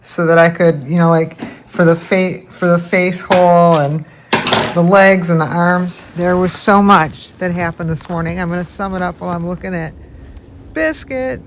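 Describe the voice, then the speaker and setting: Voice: medium pitch, moderate pace. A vlogger outdoors in a backyard, casually telling a rambling story with asides and restarts. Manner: chatty, digressive, with many restarts and asides. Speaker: backyard bird-watching vlogger. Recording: steady outdoor background noise.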